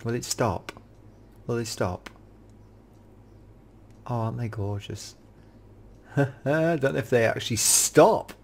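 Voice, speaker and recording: A British man giving casual, excitable gameplay commentary as a YouTube reviewer, often gasping and exclaiming in wonder. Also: medium pitch, slow pace, gravelly, pauses often, slight background noise. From United Kingdom.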